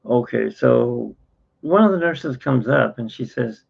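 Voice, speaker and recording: A man's voice: medium pitch, expressive, a little slow, vocal fry, husky. A tired man telling a rambling personal story in a casual vlog, acting out the voices of the people in it. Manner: rambling, self-interrupting, acts out quoted dialogue. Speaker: channel host. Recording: dull lo-fi sound.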